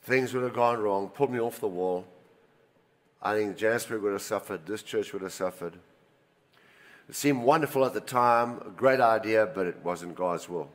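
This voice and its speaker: An older man preaching a sermon, telling personal stories and swinging between loud emphasis and quiet asides. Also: on the low side, moderate pace. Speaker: pastor. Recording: reverberant hall.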